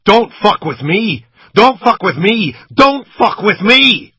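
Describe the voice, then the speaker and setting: A man's voice: high-pitched, big pitch swings, takes it slowly, bright, forceful tone, slightly rough, no room sound, voice pushed up, heavily acted. A man voicing a drunk, violent male gunman who is out of control, screaming and ranting threats. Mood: screaming rage. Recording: muffled lo-fi recording.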